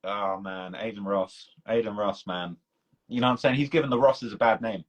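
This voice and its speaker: The low-quality recording catches a man from the United Kingdom with a fairly low pitch speaking at normal speed. He's a documentary creator hosting a live stream over a video call, rambling casually in a British accent and leaning on "bro" and "man."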